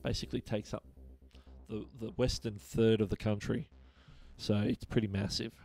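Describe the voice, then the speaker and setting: A man's voice: fairly low pitch, flat delivery, normal speed, mellow, soft background music. A man with an Australian accent hosting a casual live-stream trivia show, chatting and reading viewer messages aloud. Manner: chatty, reads chat messages aloud, chuckles often. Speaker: livestream host.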